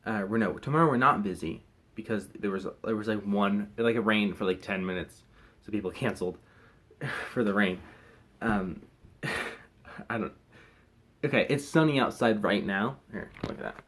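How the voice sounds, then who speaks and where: A man's voice: on the low side, moderate pace, a bit bright. Rambling young man vlogging. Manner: rambling, hesitant, many fillers and restarts. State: recovering from wisdom teeth removal. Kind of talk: casual chat to camera.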